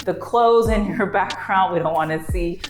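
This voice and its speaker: A woman, an online English teacher, giving animated, upbeat tips on teaching kids. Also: fairly low pitch, normal speed. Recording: roomy echo with faint music.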